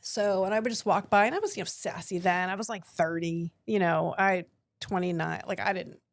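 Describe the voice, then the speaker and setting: A woman telling stories in a sassy, animated way as a guest in a casual chat. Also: on the low side, fairly quick, no room sound. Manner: sassy storyteller, lively quoted voices.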